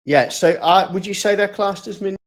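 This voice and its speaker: A man's voice: sits high, a little fast, slight background noise. A man playing a tabletop game, eagerly asking questions and restarting his sentences. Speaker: player. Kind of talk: casual tabletop game play.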